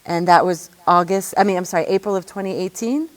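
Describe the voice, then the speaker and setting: A woman's voice: lowish voice, a little fast, no room sound. A woman, a film studio co-founder, chatting casually and finishing her husband's sentences. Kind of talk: casual conversation.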